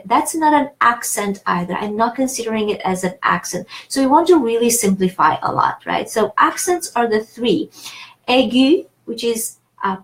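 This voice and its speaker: Chatty encouraging woman tutoring French. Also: a little high. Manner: chatty and encouraging, many fillers and restarts. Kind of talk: online language lesson.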